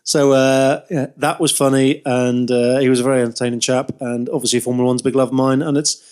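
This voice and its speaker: A man in his thirties, a podcast co-host, chatting casually. He tells long, rambling anecdotes, often laughs at his own stories, and his voice sits at an ordinary middle pitch. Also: level tone, fast, a little mellow, smooth. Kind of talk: casual chat.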